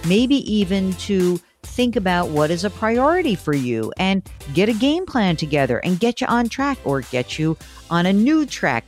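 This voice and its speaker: A woman's voice: on the low side, a little mellow. A middle-aged woman hosting a call-in money show, chatty and joking as she questions a caller. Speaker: host.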